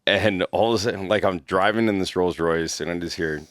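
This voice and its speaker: A man, a former executive protection agent, telling stories in a casual podcast chat, animated, laughing and swearing freely. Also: low voice, fairly quick, no room sound, clean studio sound.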